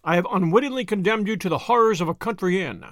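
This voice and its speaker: A man's voice: sits high, fast talker, dry recording, studio quality, natural voice. A man reading a stern, decisive detective. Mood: dryly amused. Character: stern, commanding male detective.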